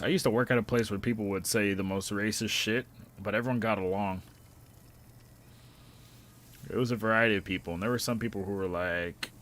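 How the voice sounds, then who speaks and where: A man's voice: on the low side, fairly bright tone. A man streaming a game and bantering with his chat in a casual, sarcastic, profane way.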